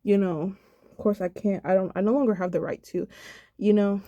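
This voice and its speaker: A woman's voice: medium pitch, fairly even intonation, brisk, warm tone, lo-fi sound, a little hiss or hum. A sad, subdued young woman in a personal video diary, talking reflectively and rambling with many fillers. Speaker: vlogger.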